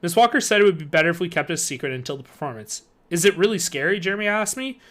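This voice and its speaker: A man reading a children's horror novel aloud, expressive, on a home stream. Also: fairly high pitch, racing. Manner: expressive storytelling.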